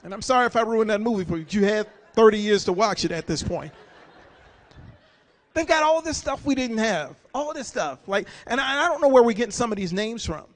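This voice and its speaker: A man in his forties performing stand-up comedy, telling animated stories and acting out characters. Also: high-pitched, brisk.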